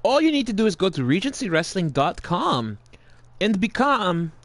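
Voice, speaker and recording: A man's voice: high-pitched, sing-song, moderate pace, no echo. Man hamming up a mock Italian accent. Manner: putting on a jokey Italian-style accent; swears casually, chatty with viewers in chat. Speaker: host of a live-streamed wrestling game show. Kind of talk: playful live-stream commentary.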